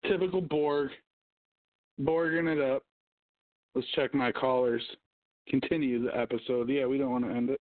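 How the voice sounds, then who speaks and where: A man's voice: mid-range voice, fairly even intonation, normal speed, long pauses, dry recording. Profane ranting man on a tinny line. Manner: profane, ranting, hums to himself. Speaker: podcast host. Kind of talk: casual livestream rant. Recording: tinny phone-like sound.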